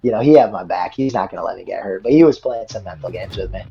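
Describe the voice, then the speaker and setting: A young man with a fairly low voice tells a story in a loose, rambling way, stumbling over words and restarting often. The sound is dull and lo-fi. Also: fast talker, vocal fry, warm tone, a little hiss or hum. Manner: rambling, repeats words, many fillers. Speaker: guest wrestler. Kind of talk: casual storytelling. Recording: dull lo-fi audio.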